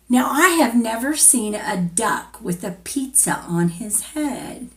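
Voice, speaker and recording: A woman teacher reading a picture book aloud to young children in a gentle, playful storyteller manner. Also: a little high, lively intonation, takes it slowly, few pauses.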